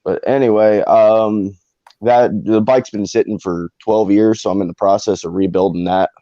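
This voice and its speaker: Low-voiced man on a muffled call. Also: steady tone, normal speed, warm tone, no echo. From Pennsylvania, near Philadelphia. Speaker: caller. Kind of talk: casual chat. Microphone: phone or webcam on a video call. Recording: muffled dry video-call audio.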